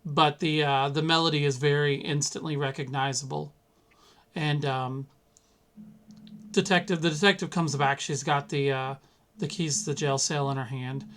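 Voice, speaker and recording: A man narrating as game master of a tabletop role-playing game, in a loose, halting way with many fillers. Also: fairly high pitch, steady tone, a bit bright.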